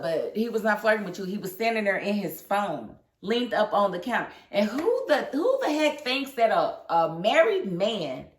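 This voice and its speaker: Sassy woman reviewing reality TV, roomy echo. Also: mid-range voice. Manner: sassy, animated, talks back to people on screen. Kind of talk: casual review vlog. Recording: echoey room.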